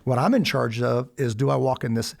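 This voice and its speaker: A middle-aged American man and father, a guest in a candid podcast conversation, who tells family stories in an animated way and acts out the dialogue himself. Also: medium pitch, a little fast, vocal fry. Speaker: guest, former special operations officer and father.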